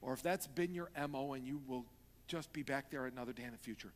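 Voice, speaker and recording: A man preaching a sermon as pastor, moving from hushed talk to loud pleading. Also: medium pitch, normal speed. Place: church sanctuary. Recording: long reverb of a church hall.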